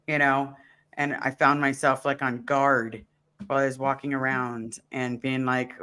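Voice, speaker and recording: A man's voice: medium pitch, fairly even intonation, brisk, pushed and bright. A man in casual conversation, telling an earnest story on a live stream and acting out his own thoughts. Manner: earnest, storytelling with acted asides.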